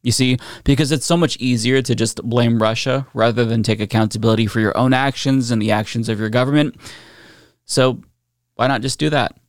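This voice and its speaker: A man's voice: medium pitch, steady tone, brisk, dry recording. A man hosting a political commentary show, talking bluntly and sarcastically with frequent profanity.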